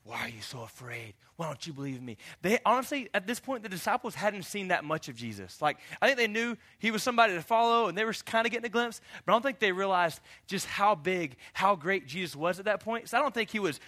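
A man preaching a sermon as pastor, animated and jokey in a conversational way. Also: high-pitched, quick pace, hardly any pauses.

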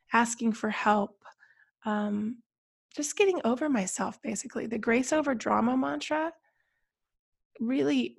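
A woman co-hosting a casual podcast chat, her voice scratchy and hoarse from a cold, talking in trailing restarts. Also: a little high. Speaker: podcast co-host.

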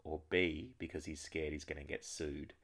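A man's voice: a bass voice, steady tone, normal speed, a bit bright. An Australian man co-hosting a casual podcast, running a quiz with dry teasing and frequent chuckles. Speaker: podcast co-host.

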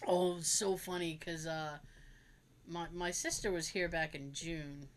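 A woman's voice: lowish voice, fairly even intonation, unhurried, a little hiss or hum. A young woman casually telling family stories, acting out relatives' voices, laughing and swearing as she goes. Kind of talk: casual storytelling chat.

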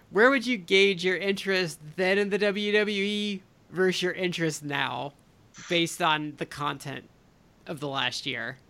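Thoughtful, slightly high-voiced co-host. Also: male voice, sharp tone, smooth. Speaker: podcast co-host. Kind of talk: casual podcast chat.

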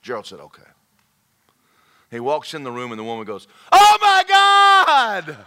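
A man preaching a humorous sermon, shouting his punchlines. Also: mid-range voice, brisk. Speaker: pastor. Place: church sanctuary.

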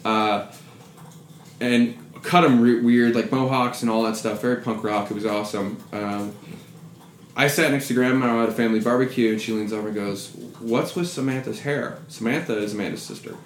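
A man's voice: fairly low pitch, steady tone, a little fast. A man casually telling a profane, self-deprecating story, now and then mimicking people's voices. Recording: echoey room with faint noise.

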